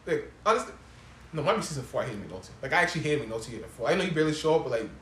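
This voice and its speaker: A man co-hosting a podcast, chatting casually about TV shows in fast slang with lots of swearing. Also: a little high, animated, a bit bright, echoey room, a little hiss or hum. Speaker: podcast co-host.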